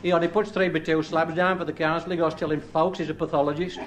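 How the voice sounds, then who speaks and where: A man's voice: a little high, flat delivery, fast, noisy background. A man with a Black Country accent, a comedian reciting rhymes and telling stories in a chatty way. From Black Country, England. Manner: rhyming dialect recitation; chatty storytelling. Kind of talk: stand-up recitation and anecdote.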